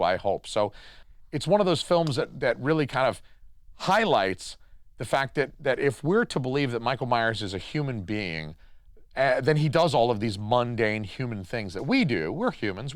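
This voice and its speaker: A man's voice: medium pitch, dry recording, clean studio sound. A man doing casual, rambling film commentary as a horror reviewer, irreverent, with crude jokes.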